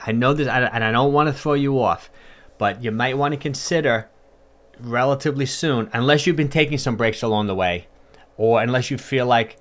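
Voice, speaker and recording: A man's voice: mid-range voice, fairly bright tone. A man, a fitness coach, talking casually on a livestream and answering viewer comments in a chatty, upbeat way with lots of fillers and repeats.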